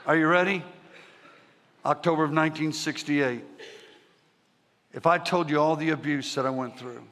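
An animated man tells his own story from the pulpit, swinging from loud bursts to hushed moments. His voice sits a bit high and is forceful and sharp. The sound rings out through a large reverberant hall. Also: moderate pace. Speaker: preacher giving his testimony. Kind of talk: storytelling sermon to a live audience. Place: large church hall with audience.

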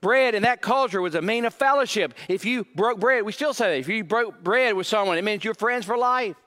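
Male pastor, high-pitched, casual preaching style, reverberant sanctuary sound. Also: fairly quick, pushed and bright. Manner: conversational preaching with repeated emphatic phrases. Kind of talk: sermon.

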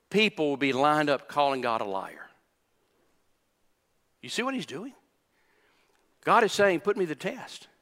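An older male pastor preaches with a bright, ringing, forceful tone. His voice sits somewhat high for a man, and he drives his points home through repetition and questions to the room. Long reverb from the church hangs on every line. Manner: emphatic preacher, repeats phrases, asks the congregation questions. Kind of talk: sermon. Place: church sanctuary.

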